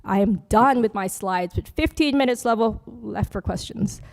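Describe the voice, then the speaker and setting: Speaking at a moderate pace in a medium-pitched, slightly mellow voice with vocal fry, a Buddhist nun leads a dharma workshop with slides. Her talk is chatty and full of jokes, and she laughs a lot.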